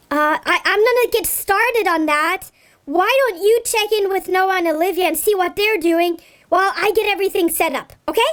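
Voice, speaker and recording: A woman hosting a children's science segment, bubbly and chatty with the kids. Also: very high-pitched. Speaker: host. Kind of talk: upbeat children's lesson.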